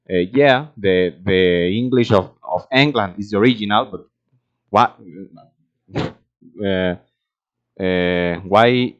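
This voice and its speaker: Spanish-speaking guy practicing his english, lots of stops and restarts, gets fired up arguing, kinda muffled mic. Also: lowish voice. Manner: hesitant, halting, searching for words; grows animated when arguing. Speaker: language learner. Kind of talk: casual spoken practice monologue.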